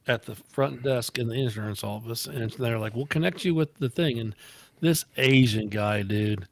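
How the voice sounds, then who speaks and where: A man casually telling prank phone stories on a podcast, often jumping into a high voice for his quotes. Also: vocal fry, no room sound. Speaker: podcast co-host. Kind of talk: casual storytelling.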